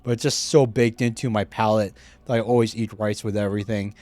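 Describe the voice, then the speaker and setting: A man with a lowish voice talks a little fast into a streaming mic while playing a game, with no room sound. He rambles with lots of fillers and restarts, sometimes chews food as he talks, laughs easily and gets excited at big game moments.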